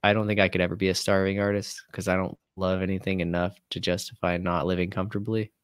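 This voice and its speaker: A man in his twenties, a guest musician, telling stories casually with animated, profane energy. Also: low voice, quick pace, clean tone, no room sound, studio quality. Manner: animated, profane, mimics people in quotes. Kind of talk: casual storytelling chat.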